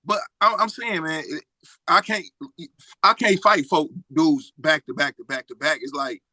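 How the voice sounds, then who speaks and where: A man's voice: fairly high pitch, normal speed, sharp tone, no room sound. A man hosting a podcast in a casual interview, asking eager follow-up questions. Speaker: podcast host.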